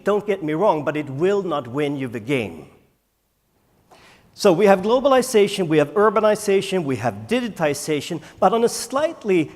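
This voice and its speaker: A man, a native Swedish speaker, giving a conference keynote and firing rhetorical questions at the audience with dramatic pauses. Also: high voice. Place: large conference hall. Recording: echoey conference hall.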